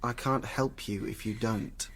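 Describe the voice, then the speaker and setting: An actor playing Stephen, a worried, gentle man. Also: fairly low pitch, steady tone, unhurried, a little hiss or hum. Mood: concerned. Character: concerned young man, Stephen. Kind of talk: audio drama acting.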